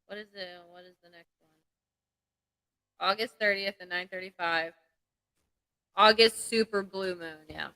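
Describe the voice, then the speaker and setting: Woman, very bright tone, smooth clear voice, chatty live-stream talk. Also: mid-range voice, no echo, low-quality recording. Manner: chatty, quick to laugh. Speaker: livestream co-host. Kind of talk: casual live chat.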